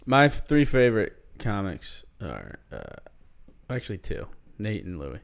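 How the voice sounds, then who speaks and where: Low-ish voiced jersey guy, comedian guest on a pod, loose and laid-back. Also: very animated, unhurried, vocal fry. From New Jersey. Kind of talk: casual podcast chat.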